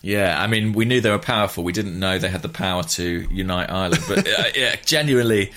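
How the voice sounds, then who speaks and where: A man's voice: sits low, a little fast, pushed and bright. A man co-hosting a casual podcast chat, talking in a wry, joking way. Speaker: podcast co-host.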